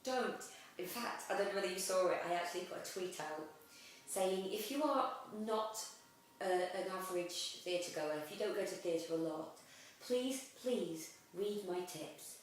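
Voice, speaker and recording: A young actress chatting in an interview, lively, with frequent laughs and "um" fillers. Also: female voice, on the low side, moderate pace, a little hiss or hum. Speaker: actress guest. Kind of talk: casual interview chat. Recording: echoey room, mic at a distance.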